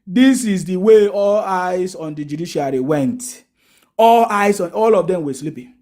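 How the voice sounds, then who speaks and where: A Nigerian man talks politics straight into his vlog with a notably high, reedy pitch. He taunts his opponents, repeats his rhetorical questions and laughs at them as he goes. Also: lively intonation, unhurried, a little mellow. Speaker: political commentator.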